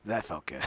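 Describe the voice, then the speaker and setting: A young man co-hosting a podcast in casual chat, spinning silly story beats and laughing along. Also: a bit bright. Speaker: podcast co-host.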